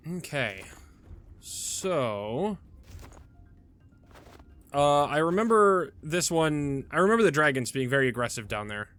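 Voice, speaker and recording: A man gives casual gameplay commentary and thinks aloud as he goes. He often stops and restarts mid-sentence, and his slightly high voice comes across smooth and clear. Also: sing-song, takes it slowly, long pauses, a bit bright, faint music behind. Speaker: gaming video host.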